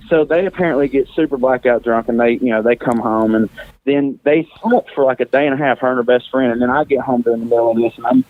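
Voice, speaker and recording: A man's voice: mid-range voice, fast, phone-quality sound. A man guesting on a podcast, telling a story casually, profane and self-mocking, laughing often.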